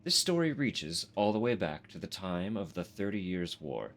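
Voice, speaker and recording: A man's voice: low-pitched, sing-song, moderate pace, a bit bright, slight background noise. A Canadian man streaming a horror game live, reading in-game text aloud and chatting in a self-deprecating way, swearing and laughing often.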